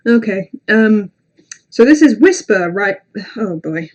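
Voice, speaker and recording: A woman's voice: medium pitch, lively intonation, slow. A woman hosting a casual livestream, chatting with viewers in a rambling, self-deprecating way with lots of ums and some swearing. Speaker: livestream host.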